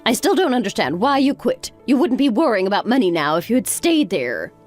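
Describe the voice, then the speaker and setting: A woman playing a sharp-tongued, scornful older mother-in-law who talks in a sarcastic, scolding way. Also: on the high side, very animated, brisk. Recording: faint background music.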